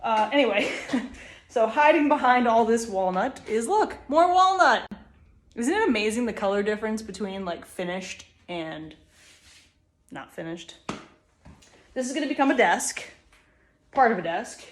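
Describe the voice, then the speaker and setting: A woman's voice: on the high side, moderate pace, pauses often, slight background noise. A young woman and woodworker, talking casually to her camera from her small shop, chatty and upbeat, often laughing at herself. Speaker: woodworker and small business owner. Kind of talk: casual vlog talk to camera.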